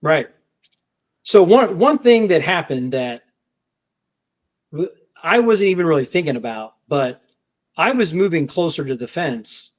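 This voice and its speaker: A man, a federal agent, recounting a confrontation in casual conversation, repeating words and acting out what was shouted. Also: a little high, unhurried, long pauses. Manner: animated, restarts often, acts out shouted quotes. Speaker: federal agent telling a story. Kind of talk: conversational storytelling. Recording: dull lo-fi podcast audio.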